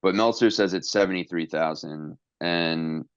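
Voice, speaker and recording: A very low-voiced man talking loosely on a podcast, full of fillers and side jokes. The sound is dry and a little dull, like a close home podcast mic. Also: measured pace, clear, resonant tone, dry recording. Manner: rambling, filler-heavy, jokey impressions. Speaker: podcast co-host. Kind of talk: casual chat.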